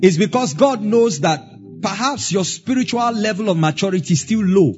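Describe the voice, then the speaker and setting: A man's voice: high voice, animated, moderate pace, darkish tone, highs cut off, faint music behind. A Nigerian man with a Nigerian accent preaching a sermon as pastor, stressing words in a rising, sing-song way.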